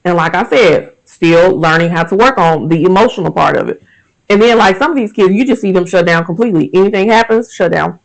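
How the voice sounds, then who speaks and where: Poor audio captures a podcast host, a man in his thirties, whose high, creaky voice moves fairly quickly. He riffs casually on faith and ordinary life, staying animated, frank, candid and emphatic throughout.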